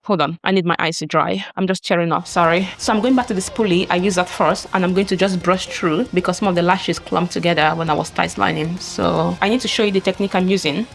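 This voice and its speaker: A woman's voice: lowish voice, fairly even intonation, fast talker, gravelly, few pauses. A woman talking casually through a makeup tutorial as she works, chatty and often apologizing along the way. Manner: chatty, apologetic, talks while working. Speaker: beauty vlogger. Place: home, filming herself at a mirror.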